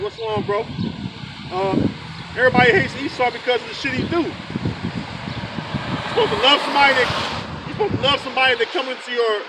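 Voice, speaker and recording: A man preaching heatedly outdoors, fiery and profane, tagging sentences with "man". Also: very high-pitched. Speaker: street preacher. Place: outdoors in the rain. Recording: distant mic with outdoor noise.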